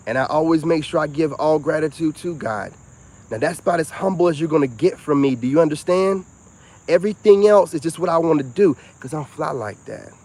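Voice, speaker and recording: A man's voice: fairly high pitch, darkish tone. A man in his forties, a live-stream host talking straight to his viewers in a casual monologue, self-assured and preachy. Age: 40s.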